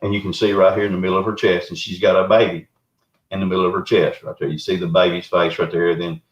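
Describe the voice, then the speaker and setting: A man's voice: sits low, fast. A middle-aged man with a Southern US accent, a Bigfoot researcher and show guest, telling his story in a folksy, rambling way. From Arkansas, US. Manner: folksy, rambling, animated retelling. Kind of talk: casual storytelling. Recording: roomy, dull lo-fi remote audio.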